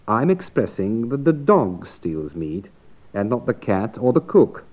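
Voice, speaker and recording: Measured man teaching English. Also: on the low side, sing-song. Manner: measured, explanatory. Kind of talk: scripted language lesson. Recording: dull lo-fi old lesson recording.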